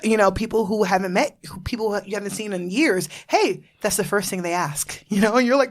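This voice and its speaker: A woman's voice: mid-range voice, a little fast, few pauses. A woman in her thirties from Florida, hosting a casual podcast chat, bubbly and laughing often, swearing freely. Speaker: podcast host.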